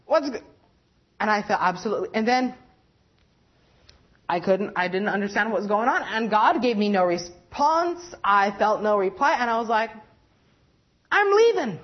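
A young woman giving a personal religious testimony, rambling and halting, with many fillers and self-corrections. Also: medium pitch, expressive, dull audio. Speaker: lay preacher giving testimony.

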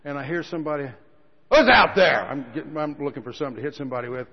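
A man preaching a sermon, telling stories with quiet asides that build to loud outbursts. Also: medium pitch, fairly even intonation, very fast. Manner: storytelling, swings from quiet asides to shouting. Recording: dull lo-fi recording with a long hall reverb.

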